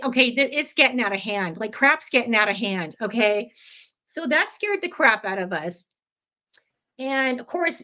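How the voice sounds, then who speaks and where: A woman guest telling a ghost story in an interview, animated and chatty, with many fillers. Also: a little high.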